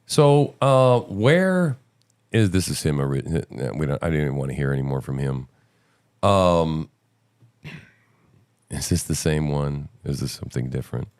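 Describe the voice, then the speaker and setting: Animated, sarcastic male podcast host. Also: a bass voice, a little slow, pauses often, clean tone. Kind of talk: casual political commentary.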